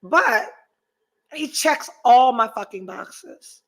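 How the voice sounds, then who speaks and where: A woman's voice: a little high, animated, takes it slowly, vocal fry, fairly bright tone. A woman hosting a podcast, chatting casually and telling a story full of profanity while she reads out comments from viewers. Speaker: podcast host. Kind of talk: casual chat with live chat readers.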